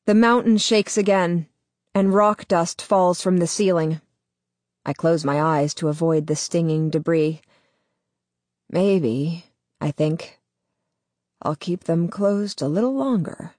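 A woman narrating a novel in the first person, measured and deliberate. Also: fairly low pitch, fairly even intonation, darkish tone, no echo. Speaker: audiobook narrator.

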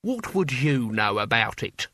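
A man voicing a gruff, irritable old male wizard who snaps his words bluntly and impatiently, in a storybook reading. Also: medium pitch, very animated, a little slow, pushed and bright, no echo, studio quality, heavily acted.

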